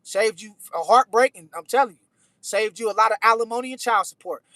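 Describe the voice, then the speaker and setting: Man, high pitch, bright tone, dry close sound, slangy preachy livestream chat. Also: brisk, no room sound. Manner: slangy, preachy life advice, repeats phrases. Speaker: livestream host reading chat. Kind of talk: casual chat.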